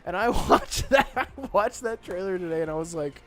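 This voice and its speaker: A man hosting a gaming podcast in casual chat, excitable and laughing often as he rants. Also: sits high, fast talker, hardly any pauses, faint music behind. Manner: excitable, laughs often, swears while ranting. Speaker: podcast host.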